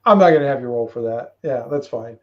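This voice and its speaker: A man narrating as game master of a tabletop game in a relaxed, rambling way. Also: mid-range voice, fast, lo-fi sound.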